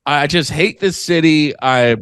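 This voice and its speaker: A young man co-hosting a casual comedy podcast, telling a story and mimicking other people in a low mumble. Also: measured pace, a bit bright, smooth, dry recording, clean studio sound. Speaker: podcast co-host.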